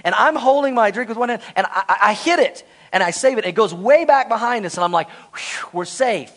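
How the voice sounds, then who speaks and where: A man's voice: sits high, animated, fast talker, fairly bright tone. A man preaching a sermon as pastor, telling a funny personal story with lots of energy and joking asides.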